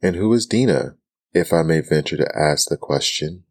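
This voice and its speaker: A man's voice: very deep voice, moderate pace, no echo, studio quality. A man voicing a wistful, formal parrot in a whispered role-play. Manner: sighing, formal. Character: wistful polite parrot, the lory.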